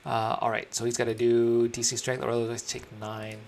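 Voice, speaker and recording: A man acting as dungeon master, narrating combat and fighting with the game software. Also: mid-range voice, flat delivery, a little fast, slight background noise. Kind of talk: running a tabletop game online. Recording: clear background music.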